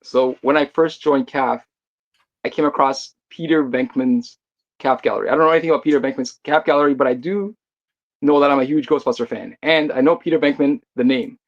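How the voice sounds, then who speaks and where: A man's voice: mid-range voice, a little fast, dull audio. A man from Quebec with a Québécois French accent, joining as a guest for a joking, argumentative casual chat. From Quebec, Canada.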